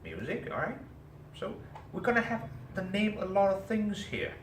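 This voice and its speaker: A high-voiced man speaking at a normal speed tells a story to his class and animatedly asks them questions. Slight background noise and faint ambience come through, as the room echoes and the microphone is distant.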